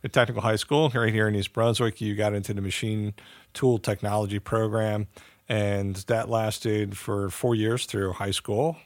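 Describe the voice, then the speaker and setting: A man's voice: lowish voice, little pitch movement, moderate pace, no echo. A man hosting an interview, talking in a loose, conversational way. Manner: conversational, rambling with fillers. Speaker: host, interviewer.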